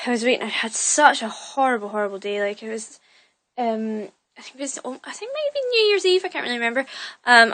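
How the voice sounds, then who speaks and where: A woman's voice: on the high side, a bit bright, rough recording. A young woman telling a rambling story in a casual vlog, full of fillers and restarts, recorded on a phone in her bedroom. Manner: chatty, rambling, lots of fillers and self-corrections. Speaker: vlogger. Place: bedroom at home.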